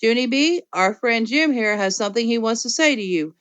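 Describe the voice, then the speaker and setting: A woman's voice: on the high side, expressive, fairly quick, fairly bright tone, clean tone. A woman voicing a stern male school principal in an audiobook, asking firm, probing questions. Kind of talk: audiobook character voice.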